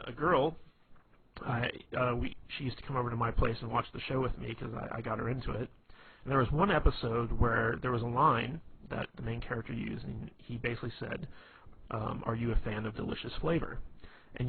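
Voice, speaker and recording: A man's voice: medium pitch, creaky. A man talks through advice casually, stumbling over restarts and filler words. The sound is narrow and tinny, like a phone line, with a faint hiss underneath. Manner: rambling, many fillers and restarts. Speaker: dating advice talker. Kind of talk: casual instructional talk.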